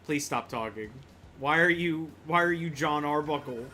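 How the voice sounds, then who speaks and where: A chatty male streamer gives casual, jokey commentary while he plays, greeting his chat as he goes. His voice is bright and forceful, pitched a little high. Game music plays faintly underneath. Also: normal speed.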